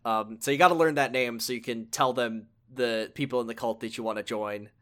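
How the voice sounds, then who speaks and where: A man's voice: medium pitch, steady tone, fairly quick, fairly bright tone. Rambling man recapping a game. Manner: rambling, many fillers and self-corrections. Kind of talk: casual chat recapping a video game.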